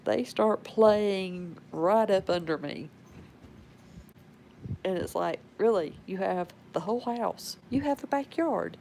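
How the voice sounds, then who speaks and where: Slow, gravelly woman chatting at home. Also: medium pitch, darkish tone, slight background noise, low-quality recording. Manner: chatty, rambling, talks to her pets. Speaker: pet owner showing her animals. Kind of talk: casual home video chat.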